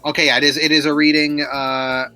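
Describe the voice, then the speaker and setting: A man's voice: on the high side, flat delivery, fairly quick, pushed and bright, clean tone, faint music behind, poor audio. A man hosting a charity stream, reading out donations and chatting casually with some stumbles.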